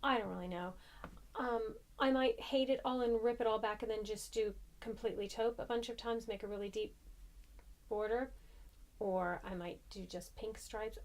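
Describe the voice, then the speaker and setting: A woman's voice: a little high, normal speed, darkish tone. An American woman, a young adult, chatting casually and rambling a bit as a crochet podcaster, cheerfully self-deprecating. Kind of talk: casual chat.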